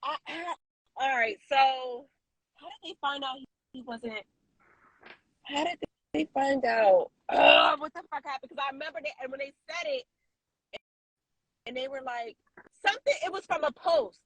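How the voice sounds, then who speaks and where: A woman co-hosting a casual podcast, telling a story in an animated way with lots of fillers and restarts. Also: high voice, normal speed, long pauses, no room sound, poor audio. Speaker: co-host.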